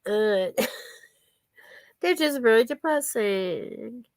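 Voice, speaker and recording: A woman's voice: a little high, expressive, drawn-out words, no echo. A chatty woman on a live stream talks casually with her viewers. She giggles often and thanks people by name. Her voice sounds dry and close, with little room around it.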